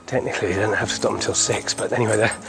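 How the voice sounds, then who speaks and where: A man's voice: on the low side, steady tone, rapid-fire, gravelly. A middle-aged man hosting a community podcast outdoors, walking a hillside road and chatting casually with frequent chuckles.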